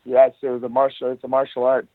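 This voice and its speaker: A man's voice: mid-range voice, fast, no echo. A man guest telling wild stories in casual podcast chat, swearing constantly and acting out each scene. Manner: profane, animated storyteller. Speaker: guest, jiu-jitsu academy owner. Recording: tinny phone-like line.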